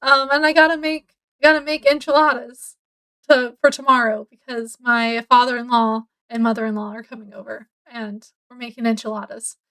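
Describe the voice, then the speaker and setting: Chatty high-voiced woman. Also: fairly even intonation, moderate pace, bright, forceful tone. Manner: rambling, chatty, many fillers. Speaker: book vlogger. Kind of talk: casual chat to camera. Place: home, indoors.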